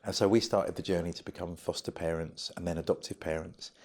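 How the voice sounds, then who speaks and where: A middle-aged man, a guest in an interview, telling stories in an animated, humorous way. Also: deep voice, fairly quick. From United Kingdom. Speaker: charity founder guest. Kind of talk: interview storytelling.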